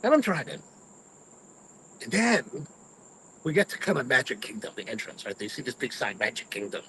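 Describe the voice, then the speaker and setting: A man's voice: medium pitch, big pitch swings, moderate pace, a bit bright, a little hiss or hum, rough recording. A man hosting a cigar review, chatting casually to live viewers and rambling through personal stories. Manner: rambling storyteller, mimics his own grumbling.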